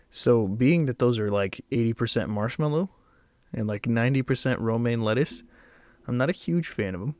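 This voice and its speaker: A man's voice: medium pitch, darkish tone, no room sound. A young man rating snacks in a casual solo video, rambling and self-deprecating, with blunt verdicts and a slightly out-of-breath delivery. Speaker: snack reviewer.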